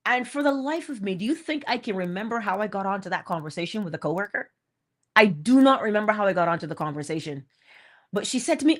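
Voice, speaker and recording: A woman gives an inspirational morning talk in a casual, emphatic way. She repeats her key phrases and acts out little quotes. Her voice sits at a middle pitch but swings widely up and down. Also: expressive, fast talker. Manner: casual, laughs between points. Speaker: host.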